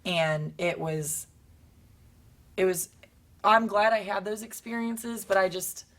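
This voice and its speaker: A young woman wrestler telling stories in a casual interview, acting out quotes with sudden high bursts. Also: fairly even intonation, slow, fairly bright tone.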